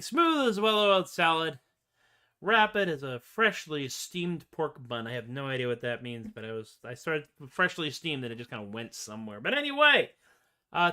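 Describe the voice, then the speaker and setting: A man's voice: fairly high pitch, bright, forceful tone. A man hosting a casual music livestream, chatting between songs in a rambling, self-mocking way. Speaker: singer-songwriter host. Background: acoustic guitar.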